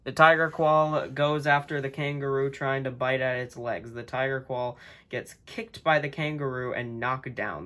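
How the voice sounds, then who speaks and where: A man's voice: mid-range voice, a bit bright. A young man casually narrating imagined animal fights, playful and prone to laughing at his own slips. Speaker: channel host. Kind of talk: casual narration of a book-based animal tournament.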